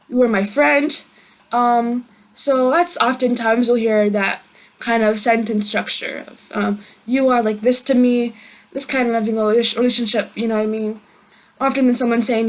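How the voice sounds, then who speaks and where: A woman giving a casual online language lesson, chatty, with many fillers and friendly asides. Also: fairly high pitch. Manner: chatty, many fillers and "you know what I mean". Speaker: language teacher.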